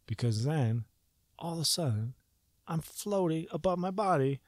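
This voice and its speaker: Male vlogger, casual storytelling, foul-mouthed and excitable, very lively pitch. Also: normal speed, no echo, clean studio sound. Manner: profane, excitable, acts out his own reactions.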